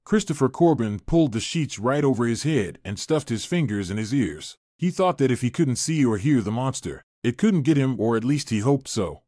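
A man narrating a scripted story in an even storytelling delivery. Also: medium pitch, moderate pace, few pauses, dry recording, studio quality.

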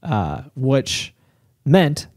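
A man co-hosting a podcast, explaining in casual chat with lots of fillers, his voice rough and hoarse. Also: mid-range voice, big pitch swings, extremely slow, a little mellow. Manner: explaining, filler-heavy, joking. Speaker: podcast co-host.

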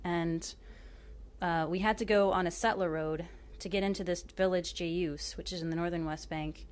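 A woman's voice: fairly low pitch, steady tone, moderate pace. A woman from Oklahoma giving a book talk, telling her travel story in a chatty, self-deprecating way with lots of fillers and a short reading. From Oklahoma, USA.

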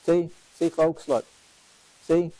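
A man leading a parish Bible study as its teacher, questioning his class and repeating key lines for emphasis in an unhurried classroom lecture. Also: fairly high pitch, fairly even intonation, mellow, no room sound, low-quality recording. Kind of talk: lively classroom lecture on scripture.

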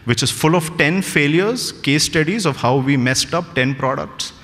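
A man with an Indian English accent giving a humorous keynote talk, telling stories with animated energy and chuckling at his own jokes. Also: fairly high pitch, normal speed. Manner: animated storytelling, mixes in Hindi phrases, laughs at own jokes. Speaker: speaker at a corporate event. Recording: reverberant hall.

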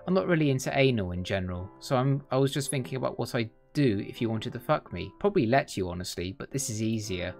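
A man lends his voice to a tender, teasing young man from a dating game. The endearments come easily and the tone stays relaxed. A faint guitar plays behind. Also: mid-range voice, quick pace, gravelly, hardly any pauses. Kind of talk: reading a dating game aloud.

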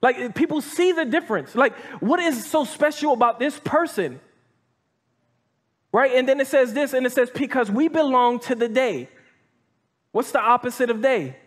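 A man with a high, light voice preaches to a live congregation in easy, conversational speech. He breaks into scripture readings, then stops to comment, often restarting his sentences and tossing in "right?" to the room. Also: expressive, moderate pace. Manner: reads scripture aloud and comments between verses. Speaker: pastor. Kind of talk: sermon. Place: church hall with live audience.

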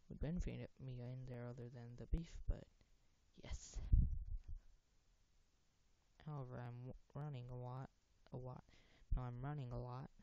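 A casual let's-play host who rambles, cuts off their own sentences and gets excited in tense moments. The voice has a gravelly fry and a warm, dark tone. It comes through a dull, lo-fi home mic. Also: mid-range voice. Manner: rambling, self-interrupting, easily excited. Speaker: gaming video host.

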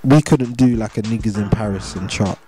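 A man's voice: lowish voice, a little fast, mellow. A young English man, a rapper, chatting casually in an interview with a London street accent and heavy slang, repeating himself in a laid-back way. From England. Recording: music playing under voice.

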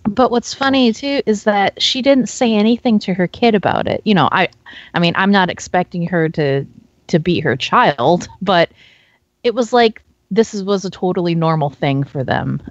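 A woman's voice: mid-range voice, moderate pace, dry recording. A woman co-hosting a podcast, chattily telling stories from her deli job. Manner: chatty, reacts with laughs and exclamations. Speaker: podcast co-host. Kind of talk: casual chat, telling work stories. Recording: dull lo-fi mic, dry.

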